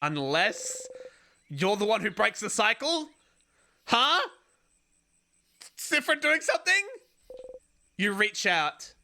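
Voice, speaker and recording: A streamer giving excitable let's-play commentary on a game, laughing often and reading lines aloud. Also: medium pitch, slow pace, long pauses, slight background noise. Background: game music.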